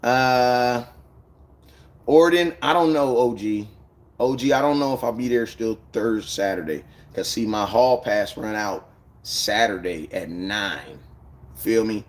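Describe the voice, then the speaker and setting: A man's voice: on the low side, a little slow. A man chatting casually on a live stream, rambling in loose slang and greeting viewers by name. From United States.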